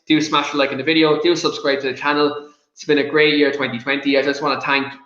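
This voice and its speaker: A man's voice: a little high, flat delivery, fast talker, pushed and bright, dull audio. Fired-up Irish man in an echoey room. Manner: passionate, rants and gets the giggles. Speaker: podcast host. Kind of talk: casual football chat.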